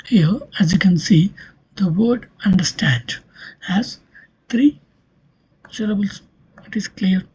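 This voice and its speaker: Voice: mid-range voice, takes it slowly, long pauses, darkish tone, slightly rough, muffled recording. A linguistics lecturer giving a recorded online lesson, explaining step by step and often checking in with "okay".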